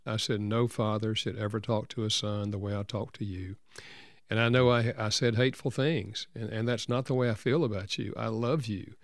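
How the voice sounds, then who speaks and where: An older man speaks as an interview guest, telling a personal story in an earnest, gentle way. His voice is lowish and gravelly, with a slight fry. The sound is close and dry, with no room around it. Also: fairly even intonation, moderate pace, dry recording. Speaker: counselor and author guest.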